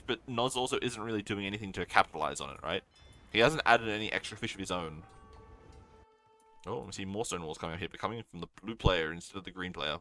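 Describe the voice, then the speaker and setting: A man's voice: fairly low pitch, dry recording. A man from Australia casting a strategy game live, reacting eagerly to plays and answering chat. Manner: excitable, quick reactions, reads viewer chat aloud. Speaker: caster.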